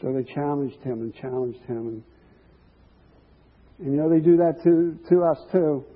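A man's voice: fairly high pitch, moderate pace, long reverb tail. A man preaching a sermon, earnest and musing, with chuckles and some restarts. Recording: tinny phone-like line.

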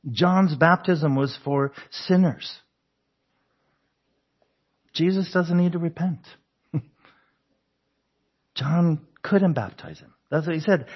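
A man's voice: fairly high pitch, takes it slowly, long pauses, breathy edge, highs cut off. A man preaching a conversational sermon, asking the congregation questions and chuckling often. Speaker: pastor.

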